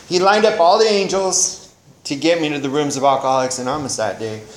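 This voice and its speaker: Casual man, somewhat high voice, sharing his recovery story in an echoey meeting room. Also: brisk. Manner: casual and slangy, peppered with "man" and "you know". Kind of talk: personal recovery testimony.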